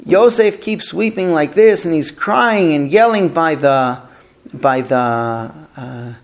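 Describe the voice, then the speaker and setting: A man teaching a history lesson, retelling the story with frequent filler pauses. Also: fairly high pitch, expressive.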